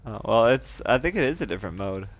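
Excitable man narrating his gameplay. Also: lowish voice, quick pace. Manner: excitable, laughing, reacting loudly. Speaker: gaming streamer. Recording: gameplay audio with music and gunfire.

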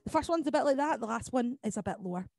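A woman leading an online choir lesson, explaining each part and counting beats aloud between quick sung demonstrations. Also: a little high, expressive, vocal fry, a little mellow. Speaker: choir leader. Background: piano accompaniment.

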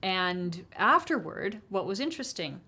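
A woman in casual conversation, telling a story in a wry, animated way and laughing mid-sentence. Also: mid-range voice, unhurried, husky. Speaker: panel guest.

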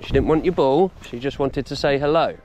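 Out walking, a middle-aged British dog trainer vlogs casual advice in a blunt, plain-spoken, lecturing manner with a British English accent. His mid-range voice moves a little fast over a noisy background.

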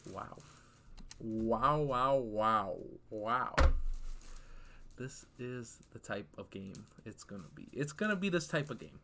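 A young man giving casual live commentary over his football video game, easily frustrated and trash-talking, breaking into sudden shouts. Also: medium pitch, lively intonation, takes it slowly, creaky, slight background noise. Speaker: gaming YouTuber.

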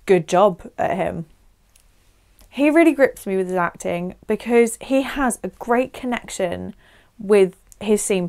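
A woman's voice: lowish voice, clear, resonant tone. A young woman, chatting effusively to camera as she reviews a film, with frequent "like" fillers.

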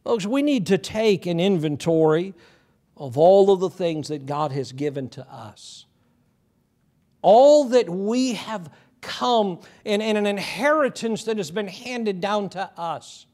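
A man's voice: high voice, a little mellow. A male pastor preaching a sermon, retelling Bible stories and often restarting his sentences. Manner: preaching with many repeated starts and retold Bible dialogue.

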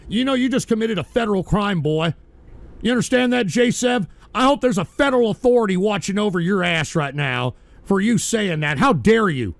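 A man hosting a live-streamed radio show, ranting angrily at his chat in an aggressive, profane, yelling manner. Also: high voice, creaky, dry recording. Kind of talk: angry ranting monologue at chat.

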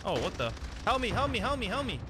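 A young man gives hyped, trash-talking commentary while he plays a shooter game. His voice sits a bit high and swings widely. Loud gunfire and explosions from the game play under him the whole time. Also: big pitch swings, fast talker, noisy background. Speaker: gaming streamer. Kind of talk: live gameplay commentary.

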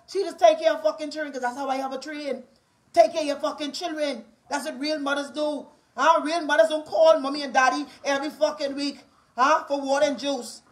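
A woman's voice: high-pitched, steady tone, quick pace. A woman with a Bahamian accent in an angry, profane ranting monologue, confrontational and repetitive.

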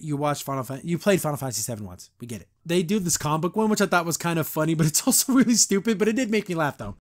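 A man hosting a podcast, casually recapping a cartoon episode, rambling with lots of "like" and acting out the lines he quotes. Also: a little high. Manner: rambling, full of "like", acts out quotes.

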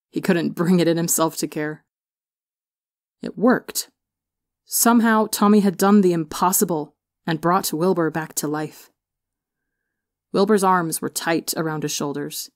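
A woman reading fan fiction aloud as an audiobook narrator, expressive on the emotional beats. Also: on the low side, no room sound, studio quality. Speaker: audiobook reader. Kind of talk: storybook narration.

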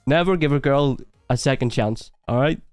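A man's voice: medium pitch, no echo. A man hosting a reaction video, giving blunt, opinionated commentary and joking along the way. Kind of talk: casual commentary.

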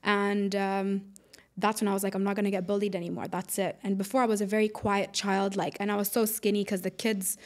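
A woman's voice: mid-range voice, little pitch movement, brisk. A young woman from the UAE speaks with the Dubai private-school accent, which carries an American twang. She chats casually as a podcast guest, stringing thoughts together with plenty of likes and fillers. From United Arab Emirates. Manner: chatty, lots of likes and fillers. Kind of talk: casual chat.

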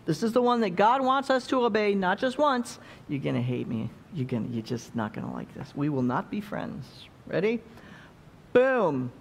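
A woman's voice: medium pitch, big pitch swings, normal speed, vocal fry. A woman preaching a sermon in a church, playful and chatty, acting out little quotes as she goes.

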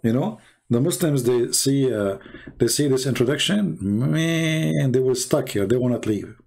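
A man giving sarcastic reaction commentary on videos, mocking and chuckling, in broken English, his voice going hoarse. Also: mid-range voice, expressive, measured pace, a little mellow, a little hiss or hum. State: losing his voice.

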